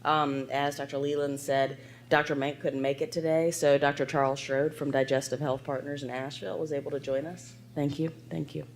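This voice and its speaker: A hoarse woman moderating a panel at a medical conference. She reads out a clinical case in an even, clinical way. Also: sits low, a little fast, a little hiss or hum. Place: conference hall.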